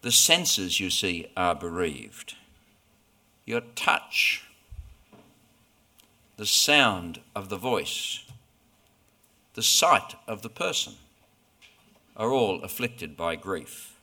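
A man delivers a sermon, taking his time and letting pauses sit between phrases. His voice sits a little low but carries a forceful, bright edge. The delivery stays earnest and deliberate throughout. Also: big pitch swings. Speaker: preacher.

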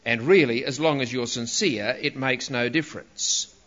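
A man's voice: medium pitch, moderate pace, a bit bright. A man preaching a sermon, emphatic and stressing single words, on a dull lo-fi recording.

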